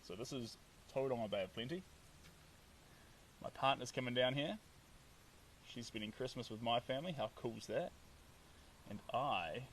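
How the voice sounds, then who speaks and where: Kiwi guy painting on a live stream, chatty and upbeat, mid pitch, sounds a bit away from the mic with faint hiss. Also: recorded from a distance, poor audio. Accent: New Zealand. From New Zealand. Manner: upbeat, chatty, reads out viewer comments. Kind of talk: casual live-stream chat while painting.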